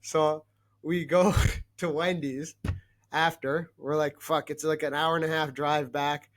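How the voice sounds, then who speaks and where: A man's voice: fairly high pitch, little pitch movement, unhurried. Blunt, foul-mouthed man. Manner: blunt, crude and profane, laughs through his stories. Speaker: podcast guest. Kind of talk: casual storytelling.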